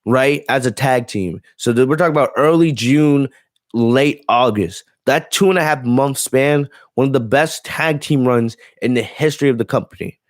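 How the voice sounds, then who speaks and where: A man's voice: mid-range voice, moderate pace, no room sound. Man, wrestling stream host, casual, blunt, profane, ranting, dry sound, mid-range voice. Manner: blunt, profane, ranting, reads chat aloud. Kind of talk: casual live-stream commentary.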